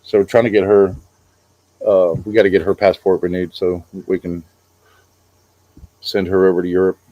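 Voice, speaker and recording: A man's voice: deep voice, little pitch movement, moderate pace, no room sound, lo-fi sound. A middle-aged man co-hosting a casual chat, rambling about travel with many fillers. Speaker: co-host.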